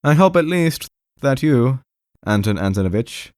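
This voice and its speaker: A man's voice: medium pitch, big pitch swings, normal speed, darkish tone, no room sound, studio quality, voice pushed up, natural voice. A man reading an audiobook, voicing a timid, anxious male clerk who pleads in a trembling voice and keeps repeating the name of the man he addresses. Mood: pleading timidly.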